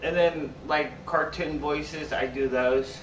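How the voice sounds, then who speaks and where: Rambling young male streamer, bright and echoey. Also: on the high side, steady tone, slow, slight background noise. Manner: rambling, repetitive, restarts often. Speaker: live streamer. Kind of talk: casual chat to viewers. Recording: echoey room, far from mic.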